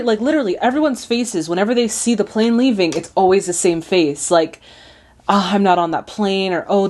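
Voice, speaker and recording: A young woman hosting a film reaction, talking in a gushing, excitable way full of "like"s. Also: medium pitch. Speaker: host reacting to a classic film. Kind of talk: casual reaction commentary.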